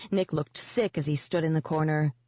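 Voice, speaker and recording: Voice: mid-range voice, fairly even intonation, normal speed, darkish tone, dry recording. Dry, muffled audiobook narration. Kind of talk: first-person novel narration.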